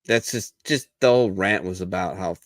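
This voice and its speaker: A man with a fairly low voice talks in a loose, bar-style chat among veterans. He swears freely and tells stories bluntly, switching into the voices of the people he describes. His voice sounds close and dry, with no room echo. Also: moderate pace. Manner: profane, blunt storyteller who acts out others' lines. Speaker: veteran podcast co-host.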